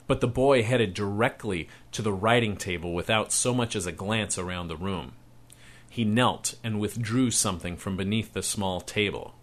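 A man narrating a story aloud in a measured, expressive reading voice. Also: on the low side.

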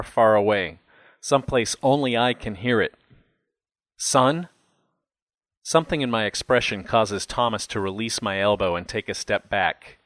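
Low-voiced man narrating a story. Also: a bit bright, no room sound. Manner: measured, close storytelling with emotional dialogue. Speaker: audiobook narrator. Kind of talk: first-person audiobook narration.

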